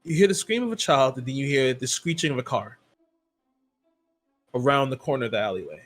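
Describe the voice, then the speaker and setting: A man runs a tabletop game as its narrator, speaking at an everyday middle pitch. His description wanders and is packed with "like" and "um" fillers. Faint music plays behind him. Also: expressive, brisk. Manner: rambling, full of "like" and "um" fillers. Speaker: game master.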